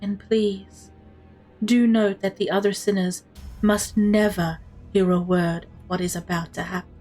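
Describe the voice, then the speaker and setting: A woman voicing a calm, composed female genius adviser who speaks in a measured, deadpan way. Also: mid-range voice, faint music behind, natural voice. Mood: cool.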